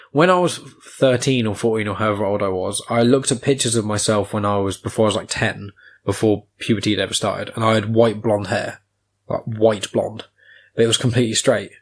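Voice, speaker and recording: A young man hosting a podcast, chatting casually with blunt opinions and a habit of swearing. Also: fairly low pitch. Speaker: podcast host. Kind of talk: casual chat.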